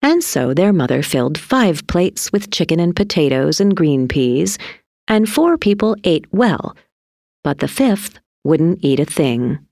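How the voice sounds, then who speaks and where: A woman reading a children's story aloud in an expressive, deliberate storytelling manner. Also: low voice, vocal fry, dry recording, studio quality. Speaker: narrator.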